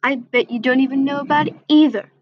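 A woman voicing a fierce, hot-tempered young female cat in a storybook reading, lifting her voice higher and sharper than the narration. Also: fairly even intonation, fast talker, highs cut off, slight background noise, close to an everyday voice. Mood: furious.

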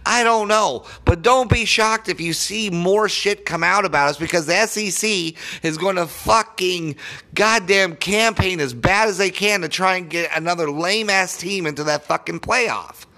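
Young man, high voice, sports podcast rant, sarcastic, profane, annoyed. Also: moderate pace, sharp tone.

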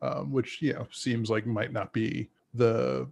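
A man's voice: mid-range voice, flat delivery, measured pace, vocal fry, a little mellow, husky. A man casually discussing a film with friends on a podcast, rambling with frequent restarts. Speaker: podcast co-host.

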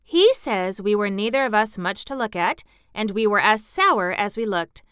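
A woman reading aloud voices a storybook's little girl who is frank, insistent, earnest and sour-tempered. The tone is bright and crystal clear at a medium pitch, animated yet at a moderate pace, natural-sounding, with a close, dry recording.

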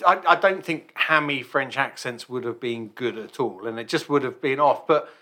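Bright-voiced man reviewing a film. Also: medium pitch, moderate pace. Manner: chatty, trailing off and restarting. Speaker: podcast co-host. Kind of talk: casual film review chat.

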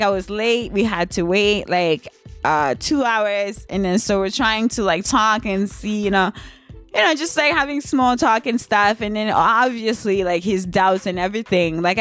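A young woman telling a storytime video in a loose, candid way. Her pitch sits in a middle range, and she laughs easily while speaking bluntly. Faint music plays in the background. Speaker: vlogger. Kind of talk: casual storytime.

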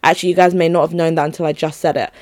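A woman's voice: sits low, level tone, racing, darkish tone, no room sound, studio quality. A young woman chatting casually on her own to her listeners, rambling and giggly. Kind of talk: casual solo chat to listeners.

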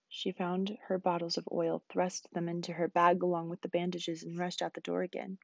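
A woman teacher reading a novel aloud, quick and expressive. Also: fairly low pitch, gravelly, dry recording, muffled recording.

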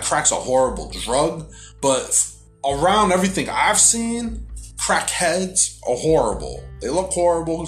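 Young man telling a profane story, echoey room. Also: fairly high pitch. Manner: profane, animated storytelling with many fillers. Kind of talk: casual chat. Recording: echoey room with loud music behind.

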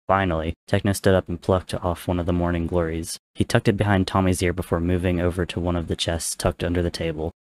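A man reading a fan-written story aloud, narrating in a steady, measured way. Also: low-pitched.

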